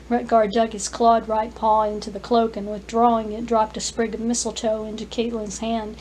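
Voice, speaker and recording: A woman author reading her own fantasy story aloud, careful and clear, with small restarts. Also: a little high, flat delivery, moderate pace, few pauses, dark tone, a little hiss or hum, rough recording. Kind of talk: scripted narration, story reading.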